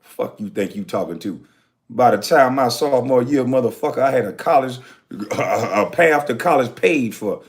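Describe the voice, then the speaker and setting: A man's voice: mid-range voice, animated, normal speed. Heated, profane man ranting to camera. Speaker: commentator answering critics. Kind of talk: angry direct-to-camera rant.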